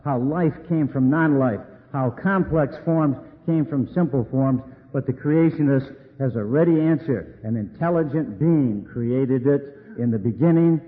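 A man making a formal debate argument in measured, emphatic lists. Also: mid-range voice. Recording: tinny lo-fi audio in a reverberant hall.

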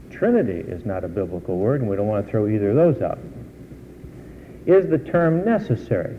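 A man's voice: mid-range voice, slight background noise. A man preaching a sermon on doctrine, emphatic and argumentative, with dramatic swings in his delivery. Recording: tinny phone-like audio in a reverberant hall.

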